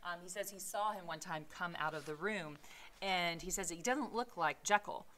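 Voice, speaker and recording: A woman who reads a novel aloud and pauses for casual commentary, full of fillers. Her voice sits fairly low and sounds bright and forceful. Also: slight background noise. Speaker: teacher reading a novel aloud.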